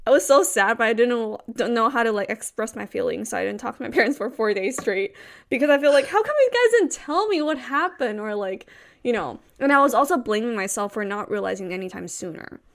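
A woman's voice: mid-range voice, fast, gravelly, a bit bright. A young woman from Taiwan telling a long personal story in casual chat, full of restarts and fillers.

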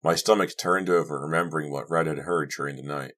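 A man with a very deep, low voice reads an audiobook, keeping his delivery steady and measured. The narration is scripted from start to finish.

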